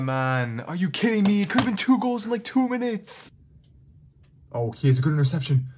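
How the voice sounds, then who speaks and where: A man reviewing a football video game card and then commentating his own matches, growing excitable and shouting and groaning at near misses. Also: high-pitched, normal speed, slightly rough. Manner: addresses viewers as boys. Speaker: gaming YouTuber. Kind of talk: player review and live gameplay commentary.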